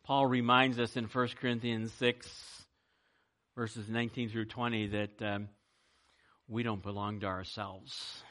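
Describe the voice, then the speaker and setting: A man's voice: lowish voice, flat delivery, a little slow, fairly bright tone. A man, a pastor, preaching a sermon and leading a closing prayer, speaking earnestly, with rising emphasis and frequent filler words.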